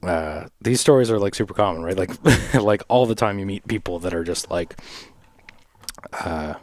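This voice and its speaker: A man hosting a casual podcast, telling a rambling anecdote, laughing often and acting out quoted people in a higher voice. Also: normal speed. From Vancouver, Canada. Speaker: podcast host. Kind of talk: casual storytelling chat.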